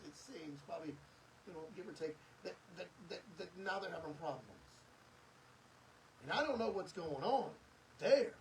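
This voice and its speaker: A man's voice: sits high, recorded from a distance, slight background noise, poor audio. A middle-aged man hosting a podcast, giving an earnest, preachy motivational monologue with lots of emphatic repetition. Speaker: podcast host.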